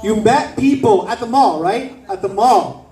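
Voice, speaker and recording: A man from South Florida doing stand-up, his voice sitting high and bright above the usual male range. He rattles off brash, profane riffs with quick asides to the crowd. The sound is roomy and caught from a mic some distance off on a club stage. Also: expressive, faint music behind. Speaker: stand-up comedian. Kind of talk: stand-up set.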